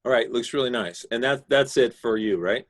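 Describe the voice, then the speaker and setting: A man's voice: medium pitch, normal speed, no echo. Instructor, male, patient explainer, dry close sound on a video call. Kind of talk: giving design critique in class.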